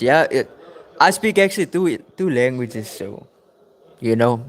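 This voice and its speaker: A young man with a South African accent chats loosely on a live football watchalong stream. He talks back to his viewers by name and repeats his phrases as he reads the chat. His voice sits at an ordinary middle pitch. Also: expressive, a little slow. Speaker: livestream watchalong host. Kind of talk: casual livestream chat reading chat messages.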